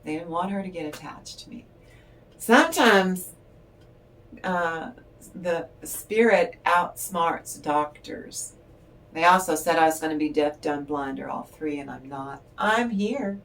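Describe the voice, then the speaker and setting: A woman's voice: sits low, a little slow, fairly bright tone. An older woman giving a tarot reading in a chatty, rambling storytelling way, laughing often. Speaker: tarot reader. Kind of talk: casual spiritual chat and storytelling. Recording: voice distant from the mic.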